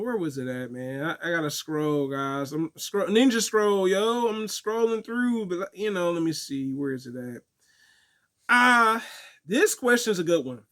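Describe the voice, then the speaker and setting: A young man telling stories and answering viewer questions in a casual, animated way, laughing often. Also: high voice. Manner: animated storytelling, laughs often, acts out quotes. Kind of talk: casual chat.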